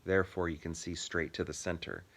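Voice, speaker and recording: Deep-voiced easygoing man, thirties, casual co-host who rambles and laughs. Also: flat delivery, gravelly, fairly bright tone. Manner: easygoing, laughs often, drawn-out explanations. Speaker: podcast co-host. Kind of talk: casual chat.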